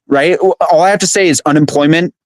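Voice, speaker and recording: A man's voice: fairly high pitch, a little fast, dry recording. A man hosting a live stream, venting at length with casual swearing. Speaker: streamer host. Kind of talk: profane drama stream commentary.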